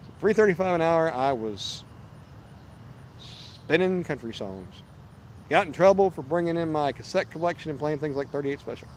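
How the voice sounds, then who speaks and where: Man, fifties, fishing livestream host, chatty, rambling, fairly high voice, faint outdoor noise. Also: animated, normal speed, darkish tone. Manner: chatty, rambling, restarts often, talks to chat viewers. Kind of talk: casual live-stream chat. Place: outdoors at a park lake.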